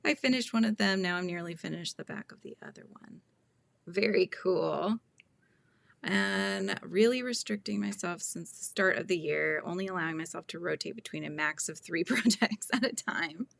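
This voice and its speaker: A woman in her thirties chats her way through a casual crochet livestream, reading viewer comments and laughing often as she acts out quotes. Her voice sits on the low side and sounds creaky, at a normal speed. The recording has no echo.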